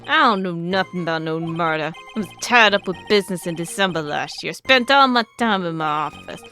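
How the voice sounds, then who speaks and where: A woman voicing a gruff, thuggish male loan shark who talks through a clenched mouth in a tough-guy street accent. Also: fairly low pitch, lively intonation, a little fast, sharp tone, soft background music, voice pushed down. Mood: blustering.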